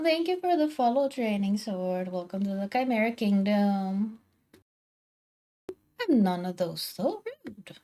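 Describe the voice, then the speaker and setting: This woman's voice is a little high and mellow. She's indoors at home, streaming through a desk mic, drawing and chatting with her viewers, talking to her cats and to chat with a teasing, indignant edge.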